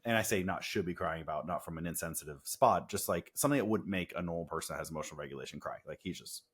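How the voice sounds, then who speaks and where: A man co-hosting a podcast, telling family stories in casual chat with animated, self-deprecating humor. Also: low-pitched, very fast, slightly rough. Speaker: podcast co-host.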